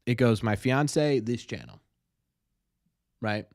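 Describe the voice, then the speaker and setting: A man's voice: a little high, animated, moderate pace. A young man hosting a casual live stream, rambling, self-mocking and laughing often.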